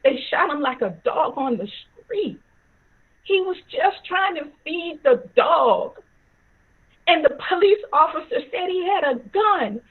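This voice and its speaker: Woman doing an angry dad yelling and choking up, husky, sounds like a phone line. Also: high voice, expressive, unhurried, full character voice. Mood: furious grief. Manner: shouting, choked with tears. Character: grieving furious father, man in his prime. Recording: tinny phone-like audio.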